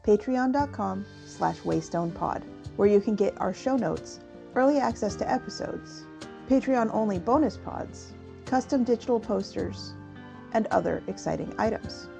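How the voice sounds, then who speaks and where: Giggly woman podcast host with vocal fry. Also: mid-range voice, expressive, normal speed, dark tone, soft background music. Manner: giggly, laughs a lot. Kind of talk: casual podcast chat.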